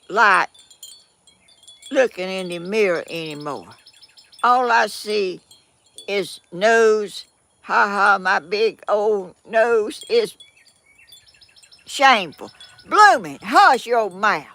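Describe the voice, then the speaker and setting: A woman's voice: mid-range voice, very slow, vocal fry, pauses often, fairly bright tone. An older woman with a Georgia Southern accent chatting folksily on her vlog, rambling and poking fun at herself. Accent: Southern American, Georgia. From southern United States. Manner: rambling, folksy, self-deprecating. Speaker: vlogger. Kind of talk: casual chat reading viewer comments.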